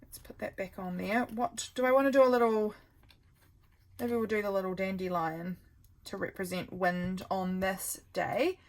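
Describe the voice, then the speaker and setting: A woman vlogger talks casually while working on a craft project, her mid-range voice fairly even and moderately paced on a low-quality recording. She thinks aloud, rambles, and pokes fun at her own mistakes.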